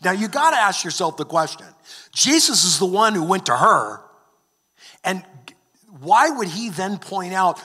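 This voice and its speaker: A man's voice: fairly high pitch, animated, a little slow, pushed and bright, husky. A man preaching a sermon, earnest, often restarting and repeating words. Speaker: pastor. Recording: long hall reverb.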